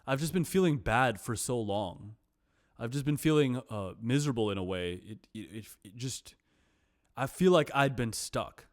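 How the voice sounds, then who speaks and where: A man's voice: medium pitch, lively intonation, moderate pace. Self-deprecating man musing casually. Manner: reflective, self-deprecating, repeats himself. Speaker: vlogger. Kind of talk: casual reflective monologue.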